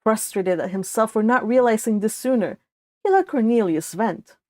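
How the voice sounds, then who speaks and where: A woman's voice: on the high side, moderate pace, a little mellow, no room sound. A woman reading her own fan fiction aloud, narrating steadily in a read-along with occasional slips.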